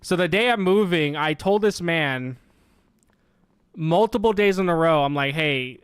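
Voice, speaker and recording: A young man telling a long story in casual, exasperated rant style, quoting himself and his roommate in quick back-and-forth. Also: fairly high pitch, expressive, clean tone, no room sound.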